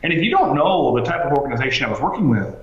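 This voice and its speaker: A man telling his story as a podcast guest, animated, with lots of fillers and restarts. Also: fairly high pitch, racing. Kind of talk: casual storytelling interview. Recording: roomy, slightly dull sound.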